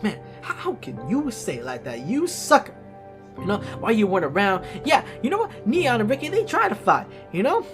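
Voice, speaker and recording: A woman's voice: medium pitch, sing-song, a little fast. A woman voicing an exasperated churchgoing sister who scolds her brother in a comedic skit, stammering and repeating herself as she rants. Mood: ranting. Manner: stammering, repetitive, ranting. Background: music.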